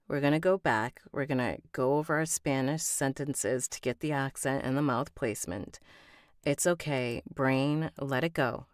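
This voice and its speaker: A woman's voice: very deep voice, dry recording, studio quality. A woman narrating an audiobook on a livestream, breaking off to chat with viewers and correct herself. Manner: chatty asides, self-correcting, talks to her chat. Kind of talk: live-streamed audiobook recording session.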